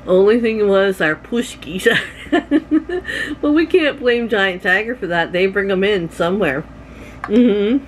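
A woman's voice: mid-range voice, animated, takes it slowly, slight background noise. A middle-aged woman from Canada chatting to her camera at home, rambling through stories with laughs. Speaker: vlogger. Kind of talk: casual chat to camera.

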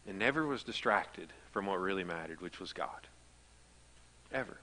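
A man's voice: deep voice, expressive, moderate pace, bright, forceful tone, long reverb tail, slight background noise. A man preaching a sermon as pastor, telling stories in a conversational way that builds to emphatic. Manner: conversational storytelling, rising to emphatic. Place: church sanctuary.

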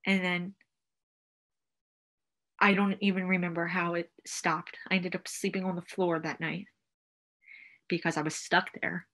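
A young woman recounting a personal experience in a halting way, with many fillers. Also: fairly low pitch, level tone, a bit bright. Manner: halting, filler-laden storytelling. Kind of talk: personal testimony.

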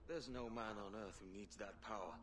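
An actor playing a determined pirate captain in a video game, talking earnestly and firmly. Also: male voice, on the low side, fairly quick, a bit bright, slight background noise, lightly acted. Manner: earnest, firm.

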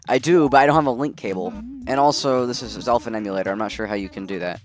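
A relaxed man of middle pitch talks through a game he is playing. He muses out loud and reacts as things happen. The tone stays easy and chatty. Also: quick pace. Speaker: gaming video host. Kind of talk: casual gameplay commentary.

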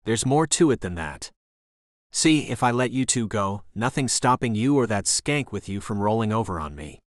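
A man narrating an audiobook, voicing a ruthless male mafia figure in a grave, menacing tone, with lively pitch. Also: moderate pace, no room sound, studio quality, natural voice. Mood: grave menace. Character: cold ruthless male mafia brother turned killer.

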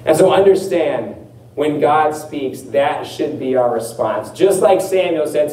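A man preaching a sermon as pastor, earnest, repeating phrases and slowing down on key words. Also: a little high, animated, dark tone, reverberant, far from the mic, slight background noise, poor audio.

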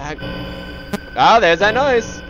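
A man's voice: high-pitched, animated, slow pace, lo-fi sound, music in the background. A man giving casual, self-mocking commentary while playing a horror video game, laughing often. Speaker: let's player.

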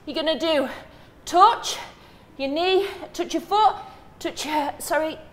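A woman's voice: sits high, slow. A woman fitness instructor coaching a workout while doing it herself, counting reps and calling out moves, a little out of breath.

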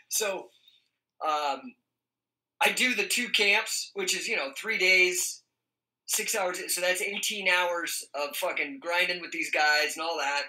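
A man's voice: high voice, a little slow. A middle-aged man telling a story in casual talk, swearing constantly and laughing as he goes. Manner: profane, animated, laughs often. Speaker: podcast guest. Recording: roomy echo.

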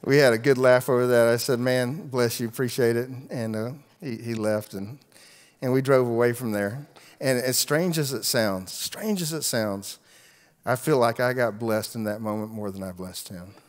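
A middle-aged male pastor delivers a storytelling sermon, rising to loud, emphatic lines and then dropping to near-hushed asides. His voice sits at an ordinary male pitch. It carries the long reverb of a big church hall. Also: normal speed.

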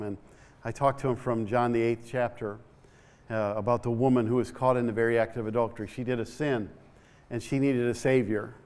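A middle-aged male pastor telling a story in a church sermon, repeating his words and rising to shouts. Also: mid-range voice, smooth.

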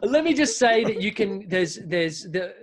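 A man's voice: sits high, animated, measured pace. Rambling Australian man telling stories. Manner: rambling storyteller, many restarts. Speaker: podcast creator, guest. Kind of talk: casual interview chat.

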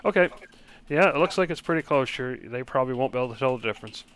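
A man's voice: medium pitch, lively intonation, fast, a bit bright, smooth, no echo. A man narrating a tabletop game as game master, hesitant and full of fillers, over online voice chat.

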